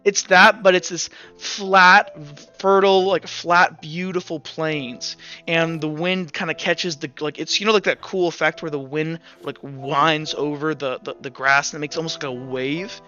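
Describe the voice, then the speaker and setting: Rambling bright-voiced game master man. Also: on the high side, steady tone, a little slow, dull audio, faint music behind. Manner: rambling, many fillers and restarts. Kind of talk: narrating a tabletop game.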